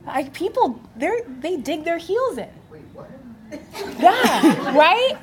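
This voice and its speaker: A young adult woman on a live panel, telling her story in an animated way and laughing often. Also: very high-pitched, slow, a crowd in the background. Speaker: physical therapist on a panel.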